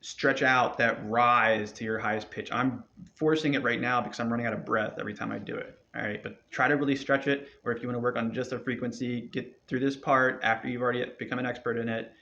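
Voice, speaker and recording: Man, meditation teacher, loose encouraging delivery, mid-pitched, dull lo-fi recording. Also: fairly even intonation, fast talker, creaky, few pauses, bright, forceful tone. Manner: loose, rambling, encouraging, with many fillers. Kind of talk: casual spoken instruction. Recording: dull lo-fi sound.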